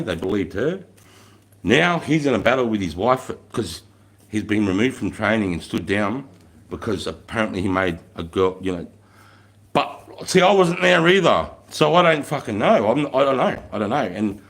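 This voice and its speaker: An Australian man in his thirties, a former army instructor, telling stories in a casual live stream with blunt, heavily profane speech. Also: lowish voice.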